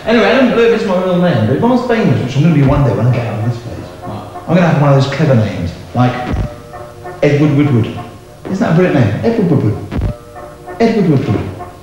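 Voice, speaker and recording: An actor playing a cheeky would-be comedian patient with chirpy joking patter. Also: male voice, fairly high pitch, very animated, fast talker, highs cut off. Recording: reverberant hall with music.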